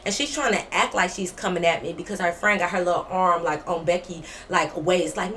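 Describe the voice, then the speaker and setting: A woman vlogger telling a story, animated, blunt and full of profanity. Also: lowish voice, a little fast, hardly any pauses, a little hiss or hum. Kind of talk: storytime vlog.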